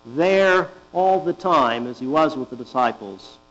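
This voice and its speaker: A man preaching a sermon, deliberate and emphatic, often asking rhetorical questions. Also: medium pitch, expressive, fairly bright tone. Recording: dull lo-fi with mains hum.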